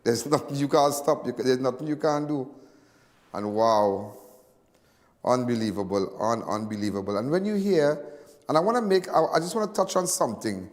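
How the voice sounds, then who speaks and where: A man's voice: medium pitch, moderate pace. Trinidadian host guy rambling on air, repeats himself a lot, long echo on the voice. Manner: rambling and repetitive, in local dialect. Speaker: host of a crime news show. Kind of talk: emotional live commentary.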